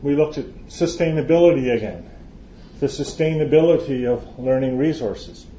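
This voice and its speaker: A man's voice: mid-range voice, moderate pace, warm tone, a little hiss or hum. Guy giving a talk, chatty and jokey, keeps restarting lines, echoey dull hall sound. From Canada. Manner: chatty, joking, restarts phrases often. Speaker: conference speaker. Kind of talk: live lecture to an audience. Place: lecture hall with audience. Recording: roomy, dull hall recording.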